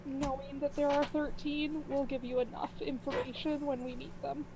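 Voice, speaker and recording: A woman's voice: sits high, little pitch movement, normal speed, warm tone, slight background noise. A woman player chatting casually and joking during a tabletop stream.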